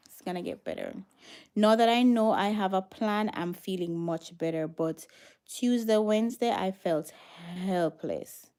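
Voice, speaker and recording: A woman's voice: mid-range voice, unhurried, dark tone. A Jamaican woman hosting a casual livestream, chatting with viewers and slipping into patois. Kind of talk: casual livestream chat, reading viewer comments.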